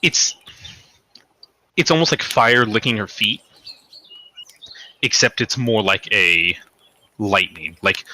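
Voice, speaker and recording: A man narrates a tabletop game as game master, rambling along with many fillers and restarts. His voice sits fairly low, with a very bright, edgy tone and faint noise behind it. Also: animated, slow, pauses often.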